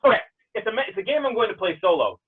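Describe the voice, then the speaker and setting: A man delivers an energetic motivational keynote with a slightly high voice. The sound is thin and phone-like, as if it comes through a webinar connection. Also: quick pace, breathy edge. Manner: lively, upbeat, talks straight to the audience. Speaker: keynote speaker. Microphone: webinar call. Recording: tinny phone-like webinar audio.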